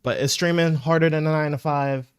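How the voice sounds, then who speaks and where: A man's voice: a little high, fast, clean tone, no room sound, clean studio sound. A man casually commenting on a video he is reacting to, joking and mocking with put-on whiny voices. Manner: animated, mocking voices for imagined streamers. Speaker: reaction streamer.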